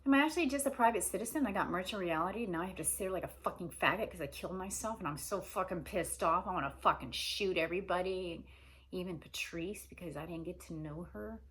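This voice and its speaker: A woman's voice: fairly low pitch, brisk, a bit bright, a little hiss or hum. A woman talking alone in a rambling monologue, stringing run-on questions together with heavy swearing.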